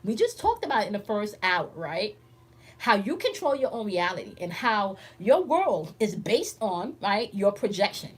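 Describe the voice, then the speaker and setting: A spiritual teacher hosting her own channel speaks in a slightly high voice with a breathy edge. On this casual teaching stream she's emphatic and blunt, swears often, and keeps checking in with listeners.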